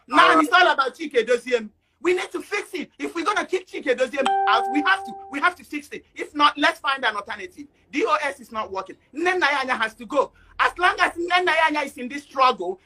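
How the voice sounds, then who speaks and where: A woman giving an emotional speech in an online discussion, often rising to shouting. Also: sits high. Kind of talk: impassioned speech.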